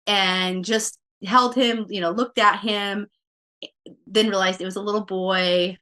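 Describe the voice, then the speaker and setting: A woman speaking as a podcast guest in a casual, storytelling way. She talks at a medium pitch, fills her sentences with "like" and "you know", and lifts her voice when she quotes her own thoughts. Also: fairly even intonation, measured pace, pushed and bright.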